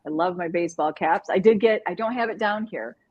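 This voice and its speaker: A woman's voice: lowish voice, fairly quick, darkish tone, highs cut off. A woman co-hosting a live online show, chatting casually and animatedly, often laughing and rambling. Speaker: co-host. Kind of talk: casual live-stream chat.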